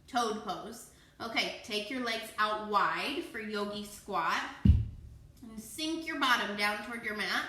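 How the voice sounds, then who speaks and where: A kids' yoga teacher guides a children's class in an echoey room, her voice medium in pitch and her pace slow. Bright and playful, she encourages the children as she cues poses and breaths.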